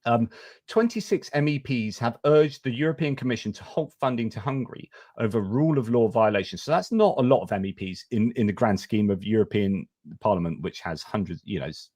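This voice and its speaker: A man's voice: lowish voice, fairly quick, a little mellow, no echo. A man hosting a live discussion stream, talking casually and rambling with fillers and restarts.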